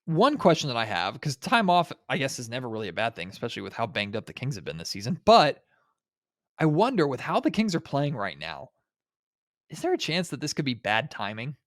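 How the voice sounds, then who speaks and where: A man's voice: medium pitch, wildly swooping pitch, a little fast, fairly bright tone, dry recording, clean studio sound. A man with a nasal, stuffed-up voice from a cold, hosting a solo sports podcast in a chatty way, thinking aloud and asking listeners rhetorical questions. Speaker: podcast host.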